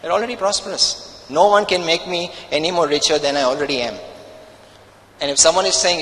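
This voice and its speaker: High-voiced emphatic preaching pastor. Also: male voice, fairly quick, a bit bright, in a large hall, poor audio. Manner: emphatic, preaching with rhetorical questions. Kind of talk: sermon.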